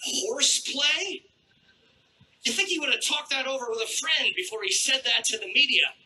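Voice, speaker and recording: A man doing a crude stand-up routine on a theater stage with a handheld mic, brash and mock-outraged, troubled by his throat and clearing it. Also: very high-pitched, expressive, fast, pushed and bright, poor audio. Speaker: stand-up comedian. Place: theater stage before a live audience.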